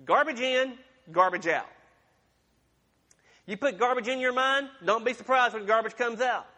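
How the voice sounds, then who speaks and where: Pastor guy, bright ringing voice, chatty sermon with jokes, big echoey church. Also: very high-pitched, normal speed. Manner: folksy, conversational preaching with humorous asides. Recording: long reverb of a large room.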